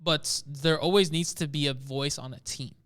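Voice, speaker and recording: A man casting a live esports match, excitable and breaking into loud shouts during big plays. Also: a little high, normal speed. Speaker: esports caster.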